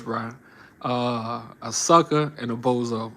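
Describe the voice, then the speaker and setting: A man's voice: mid-range voice, a little slow, fairly bright tone. A man giving casual reaction commentary, mocking and slangy, often laughing. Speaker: reaction channel host.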